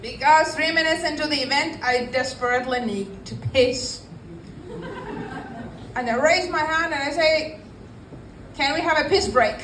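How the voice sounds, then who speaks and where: A woman's voice: sits high, a bit bright, slight background noise. Female stand-up comic, 40s, Russian accent, dry pacing; recorded in a roomy space off-mic. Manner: dry, unhurried delivery with pauses. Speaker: stand-up comedian. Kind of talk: stand-up set. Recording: echoey room, voice a bit far from the mic.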